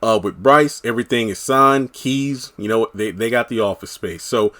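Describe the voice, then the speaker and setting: A man's voice: mid-range voice, moderate pace, fairly bright tone. Rambling man recapping a TV episode. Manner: rambling, many "you know" fillers. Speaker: TV episode reviewer. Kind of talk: casual recap vlog.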